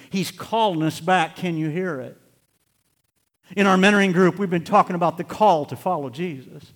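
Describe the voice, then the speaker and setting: A man preaching a sermon as pastor, swinging between loud, laughing bursts and hushed, slow scripture reading. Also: sits high. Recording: long hall reverb.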